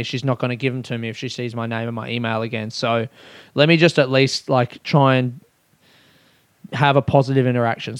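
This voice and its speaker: A young man, a comedian, telling a story casually, animated and self-mocking, his voice jumping high when excited. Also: clean tone, dry recording, clean studio sound.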